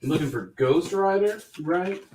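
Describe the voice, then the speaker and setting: A man's voice: high voice, animated, a little slow, darkish tone, slight background noise. A man with a Southern American accent, hosting a live sale and chatting casually, joking as he reads out items. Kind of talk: casual live sales chat.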